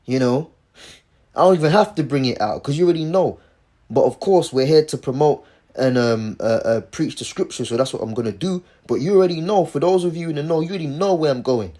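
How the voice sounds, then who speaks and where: A man's voice: fairly high pitch, brisk, warm tone. A man in casual religious commentary who preaches emphatically, repeats himself and keeps saying "man".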